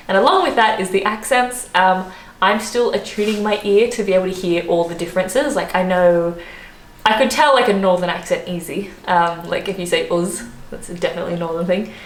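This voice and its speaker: Chatty Australian woman, roomy echo. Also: mid-range voice. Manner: chatty, animated, laughs often. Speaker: travel vlogger. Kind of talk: casual vlog chat.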